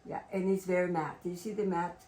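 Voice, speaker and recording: A middle-aged woman artist from Mexico with a Mexican Spanish accent, a native Spanish speaker giving a casual, rambling, excitable tour of her home studio and slipping into Spanish. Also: lowish voice, a little fast, far from the mic, a little hiss or hum. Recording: echoey room, voice from off-mic, faint ambience.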